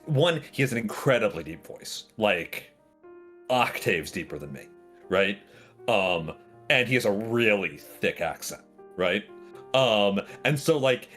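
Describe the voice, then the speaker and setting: A man's voice: lowish voice, a bit bright. A man chatting casually on a stream call, rambling with lots of fillers. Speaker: stream guest.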